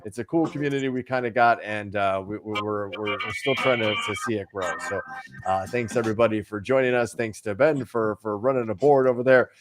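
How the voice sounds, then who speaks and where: A man's voice: lowish voice, fairly even intonation, brisk, heavy background noise. Rambling joking male podcast host. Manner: rambling, joking, many restarts and fillers. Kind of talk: casual chat.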